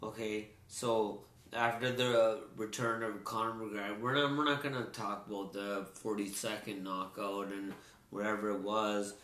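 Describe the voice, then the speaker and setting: A man talks sports in a loose, casual way, full of fillers and restarts. His voice is bright and forceful, and the room around him rings with echo. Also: on the low side, fairly even intonation, measured pace. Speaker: sports talk co-host. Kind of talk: casual chat. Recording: roomy echo.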